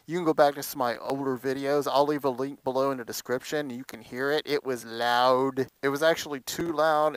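A man's voice: medium pitch, clear, resonant tone, dry recording, rough recording. A man vlogging casually about his motorcycle, rambling with lots of fillers and telling his story with animation. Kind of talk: casual chat.

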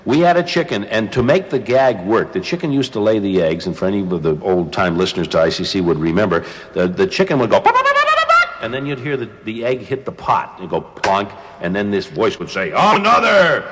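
A man's voice: fairly low pitch, brisk, in a large hall, background noise. A man, a former radio host turned actor, chatting on air in a radio studio and telling joking stories with frequent laughs. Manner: animated, joking, laughs often. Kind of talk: casual studio chat, storytelling.

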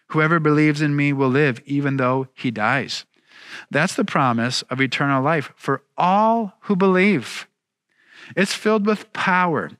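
Male pastor, bright forceful tone, earnest sermon delivery, dry close sound. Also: medium pitch, no room sound. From United States. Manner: earnest, emphatic preaching with slowed key phrases. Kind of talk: sermon with scripture reading.

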